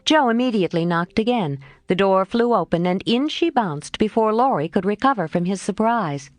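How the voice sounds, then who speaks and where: A woman narrating a classic novel as an audiobook in an expressive storytelling manner. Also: medium pitch, normal speed, no room sound.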